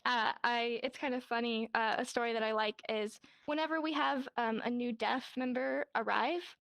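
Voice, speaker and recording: A woman's voice: on the high side, fairly even intonation, moderate pace, creaky, fairly bright tone, dry recording. A young adult woman teaching a casual sign language class in virtual reality. She talks in a chatty way, acts out quoted lines and laughs often, speaking into a headset mic.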